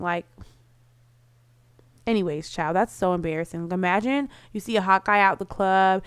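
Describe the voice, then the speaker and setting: A woman talks through her life-simulation game in a loose, bubbly way, leaning on "like" and laughing at her own jokes. Her voice is smooth and clear, with a mid-range pitch. It is recorded close and dry, with no room sound. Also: moderate pace, pauses often, no room sound. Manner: chatty, bubbly, lots of "like" fillers. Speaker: gameplay commentator. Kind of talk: casual game commentary.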